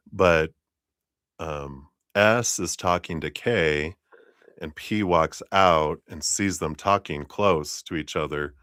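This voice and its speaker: A man's voice: low-pitched, fairly bright tone, dry recording, studio quality. A man giving a live-streamed tarot reading, telling it as a rambling story full of fillers and laughter. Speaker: tarot reader.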